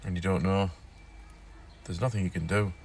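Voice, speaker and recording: A man's voice: deep voice, fairly even intonation, normal speed, a little mellow. A man hosting his own casual news vlog, rambling and repeating himself with fillers as he talks. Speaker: vlogger.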